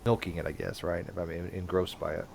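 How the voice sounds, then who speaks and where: Fast-talking man who stumbles over restarts. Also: deep voice, little pitch movement, vocal fry, a little mellow, a little hiss or hum. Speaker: livestream host. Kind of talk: casual online hangout chat.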